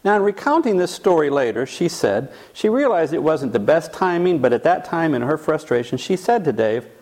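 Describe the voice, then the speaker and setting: Lively storytelling male lecturer. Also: on the high side, normal speed. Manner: tells a case story, then asks the audience questions. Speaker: teacher.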